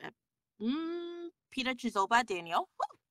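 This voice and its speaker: Animated woman on a dry podcast mic. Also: sits high, a little slow, no echo. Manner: animated, laughing, trailing restarts. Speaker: podcast guest, voice actor. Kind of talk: casual interview chat.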